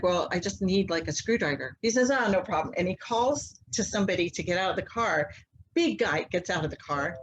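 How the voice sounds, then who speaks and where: A woman guest telling a long personal story in a casual, animated way, acting out the voices of people in it. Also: medium pitch, slight background noise, rough recording. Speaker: interview guest, mother.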